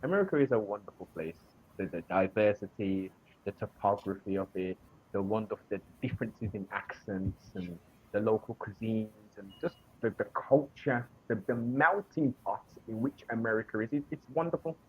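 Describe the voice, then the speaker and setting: A man with a Birmingham accent, a guest in a casual chat, speaking in a measured, emphatic way. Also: on the low side, steady tone, slightly rough. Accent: Birmingham English. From England. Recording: dull lo-fi call audio.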